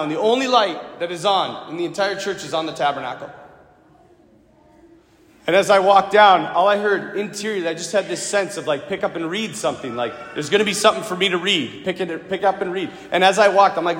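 A male priest with a high voice delivers a sermon, speaking personally to his congregation. The sound rings through a large, reverberant hall. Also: a bit bright. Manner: personal storytelling, asks the congregation questions directly. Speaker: Catholic priest. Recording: echoey hall with long reverb.

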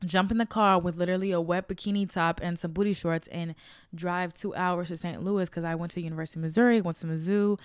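Low, smooth-voiced young woman host. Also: fairly even intonation, fast, no echo, clean studio sound. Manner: chatty, slangy, speaks straight to listeners. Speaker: podcast host. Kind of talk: casual motivational storytelling.

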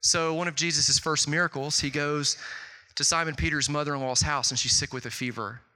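A middle-aged man preaching a sermon, telling stories with lots of "like" and jumping up loud and high when he quotes people. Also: brisk. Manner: animated storytelling, swings loud and high on quotes, filler "like". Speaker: pastor. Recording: long hall reverb.

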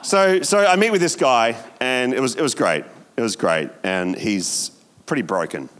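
A man, preaching as a pastor, telling a story in a hushed voice that builds to emphatic exhortation. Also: medium pitch, expressive, normal speed. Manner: storytelling, hushed at times, then rising and emphatic. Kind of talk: sermon.

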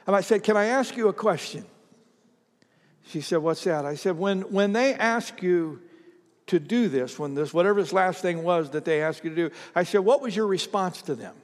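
In a church hall with an echoing, reverberant sound, a high-pitched pastor delivers a sermon at normal speed. His storytelling is animated, complete with acted-out voices, and he repeatedly invites the gathered congregation to answer back.

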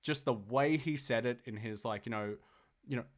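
A man's voice: mid-range voice, moderate pace. A young Australian man co-hosting a podcast in casual chat, rambling with lots of fillers and swearing. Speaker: podcast co-host.

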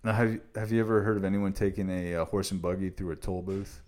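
A man's voice: low voice, little pitch movement, fast talker, darkish tone. A man hosting a podcast, asking curious questions in a chatty way full of fillers. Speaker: podcast host. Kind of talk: casual interview chat.

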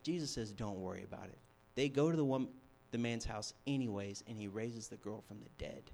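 A young man preaching a sermon, telling a story with animated shifts from hushed to loud. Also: fairly low pitch, brisk, gravelly. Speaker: campus ministry preacher.

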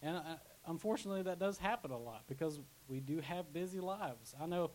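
A man's voice: a little high, animated, brisk, a little mellow, poor audio. A young man preaching a casual sermon as pastor, chatty, with asides and restarts. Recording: faint hiss.

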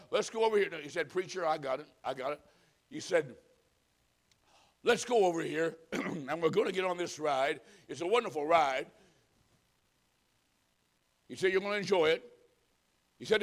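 A man preaching a sermon, telling folksy stories and swinging from loud punchlines to hushed pleading. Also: on the high side. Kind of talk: humorous sermon.

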